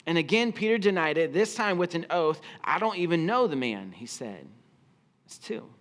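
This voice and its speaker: A man's voice: a little high, very animated, moderate pace, a bit bright. A man preaching a sermon as pastor, telling the story expressively and acting out the quoted lines. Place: church auditorium.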